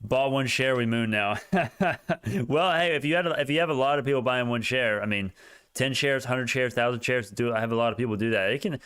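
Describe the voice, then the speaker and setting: A young man hosting a casual stock market livestream, talking in an excitable, rambling way with many restarts. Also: medium pitch, brisk, smooth.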